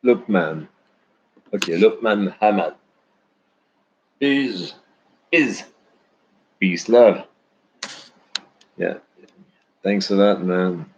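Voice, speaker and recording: This is a man talking casually to his online followers in a deep, low voice. He speaks slowly, rambling and halting, and restarts his sentences often. The sound is dull and lo-fi, with a faint hiss behind it. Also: a little mellow. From Canada. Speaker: vlogger. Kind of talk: casual personal chat to followers. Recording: dull lo-fi recording with faint noise.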